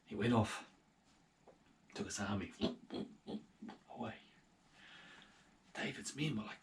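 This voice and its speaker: A man telling a Bible story to children, lively with soft whispered asides. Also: lowish voice, unhurried, long pauses, distant mic.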